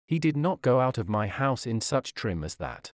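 A man putting on an old father's voice, full of pity for a son come home in rags, in a sermon reading. The exclamations rise a little higher than the reader's usual tone, and the sound is dry and close. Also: big pitch swings, moderate pace, no echo, natural voice. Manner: tender, pitying exclamations. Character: grieving old father pitying his ruined son.

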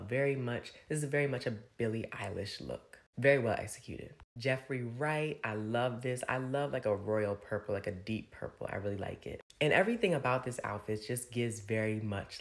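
A young man giving a casual, gushing fashion recap, chatty and full of "like" fillers. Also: mid-range voice. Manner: gushing, chatty, heavy use of "like". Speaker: fashion commentator. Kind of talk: casual red carpet recap commentary.

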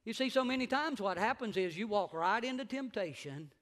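A middle-aged man preaching a sermon as pastor in a church, emphatic, slowing down to stress words and rising to shouts. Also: high-pitched, expressive. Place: church sanctuary.

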